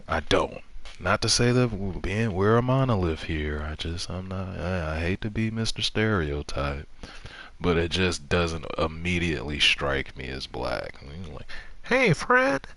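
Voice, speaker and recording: A man's voice: low-pitched, unhurried, a bit bright. A man streaming a game, telling rambling stories in casual, profane chat.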